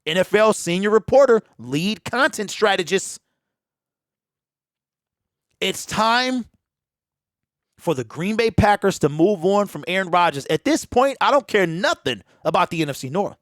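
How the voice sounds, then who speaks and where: Unhurried and pausing often, a high-voiced man preaches his sports opinions straight to the camera, animated and full of loose slang. His home desk mic pops, though the recording is dry and clean like a studio.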